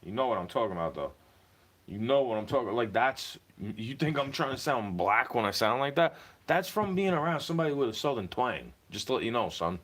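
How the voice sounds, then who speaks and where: A man's voice: mid-range voice, expressive, brisk, fairly bright tone. A young man ranting to camera in a heated, profane monologue, slipping into mocking put-on voices.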